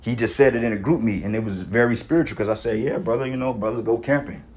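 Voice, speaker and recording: With a medium-pitched, slightly mellow voice and a quick pace, this preacher delivers an informal sermon to his brothers. His exhortation uses casual street talk, swearing often and saying "you know what I'm saying" again and again.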